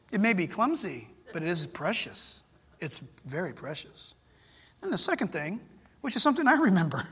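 A man preaching a sermon as pastor, telling stories in an animated way with loud excited bursts. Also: very high voice, long reverb tail.

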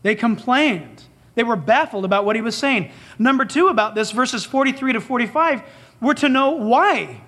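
A man's voice: very high voice, lively intonation, normal speed, fairly bright tone. A man preaching a sermon as pastor, emphatic and dramatic, acting out the dialogue he quotes.

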